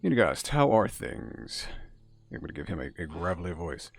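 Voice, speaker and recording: A man's voice: deep voice, big pitch swings, moderate pace, creaky. A man giving chatty, musing commentary as he streams a game. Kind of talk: casual gameplay commentary.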